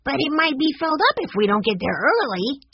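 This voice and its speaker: A woman's voice: high voice, no echo, voice pushed up. A woman voicing an eager, hungry young boy in a storybook reading. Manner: eager, quick and excited. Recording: dull lo-fi recording.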